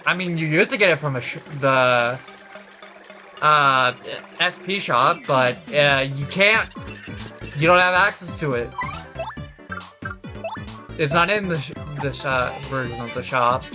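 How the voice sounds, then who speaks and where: An exhausted let's play commentator with a worn-out voice rambles through casual gameplay talk, swearing, correcting himself, and restarting often. His pitch is fairly high, his pace a little slow with long pauses, and music plays behind him.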